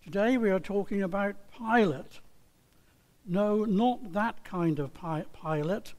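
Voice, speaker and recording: High-voiced pastor in an echoey hall. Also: male voice, slow pace, darkish tone. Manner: folksy, with many fillers and small jokes. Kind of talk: sermon.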